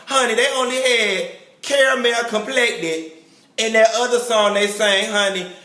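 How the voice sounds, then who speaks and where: Sassy male vlogger with a high, bright voice and camp, catty delivery, recorded in an echoey room. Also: steady tone. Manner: campy, catty, full of slang and drawn-out exclamations. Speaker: celebrity gossip vlogger. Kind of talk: sassy reality-show review.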